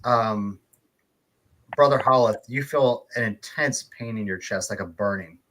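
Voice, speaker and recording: Man, game master, low-pitched, bright tone, relaxed narration. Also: measured pace, slight background noise. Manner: relaxed narration with frequent filler words and chuckles. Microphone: online stream call.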